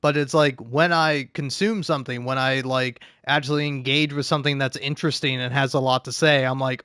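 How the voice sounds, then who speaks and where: A man's voice: mid-range voice, steady tone, brisk, hardly any pauses, a bit bright, clean tone, no echo, studio quality. A man live streaming, talking in a casual, rambling, profane and self-deprecating way, often laughing.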